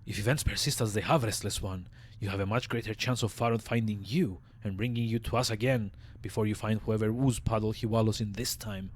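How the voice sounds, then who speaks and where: A man voicing a frail, ancient male mortuary scribe in a raspy, grave, slow voice while reading game dialogue aloud. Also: lowish voice, fairly even intonation. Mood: warning. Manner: slow solemn speech broken by coughing rasp.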